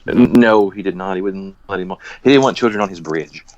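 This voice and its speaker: A man co-hosting a podcast in casual chat about a game, chiming in with quick agreement. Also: deep voice, lo-fi sound. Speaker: podcast co-host.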